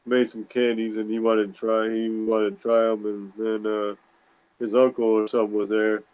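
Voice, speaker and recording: A man's voice: on the low side, completely flat delivery, moderate pace, clear, resonant tone. A man chatting casually as a livestream guest, rambling and hesitant, with many fillers. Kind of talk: casual chat. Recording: dull lo-fi call audio.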